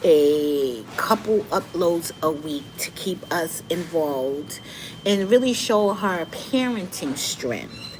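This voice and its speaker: A middle-aged woman hosting a live stream, giving candid, animated commentary straight to her viewers. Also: on the low side. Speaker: livestream host. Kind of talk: casual commentary monologue. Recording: noticeable background noise.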